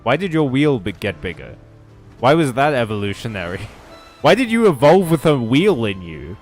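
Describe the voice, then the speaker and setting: A man's voice: medium pitch, very animated, normal speed, faint music behind. Let's play host, man, casual jokey gameplay commentary, sarcastic asides.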